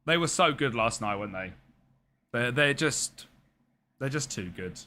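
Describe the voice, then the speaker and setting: Chatty young man, bright voice. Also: mid-range voice, expressive, a little slow. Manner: rambling, chatty, answers chat viewers by name. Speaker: streamer. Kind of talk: casual live-stream chat while gaming.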